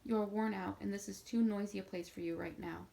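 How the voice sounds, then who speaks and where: A woman reading a storybook who voices a kind, motherly schoolmistress speaking gently to a boy. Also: mid-range voice, fairly even intonation, a little fast, gravelly, lightly acted, rough recording. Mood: soothing. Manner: gentle, soothing.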